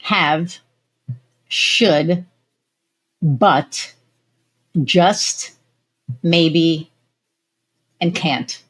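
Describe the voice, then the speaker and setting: A woman's voice: deep voice, very slow, long pauses, fairly bright tone, husky. A woman hosting a podcast interview, chatting casually and giving her guest plenty of affirmation. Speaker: podcast host.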